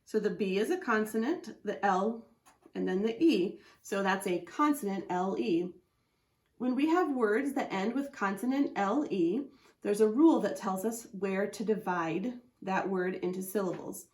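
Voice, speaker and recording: Female teacher, patient and clear, sounds out each letter; recorded in an echoey room. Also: mid-range voice, unhurried, a little mellow. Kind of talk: phonics lesson explaining a chart.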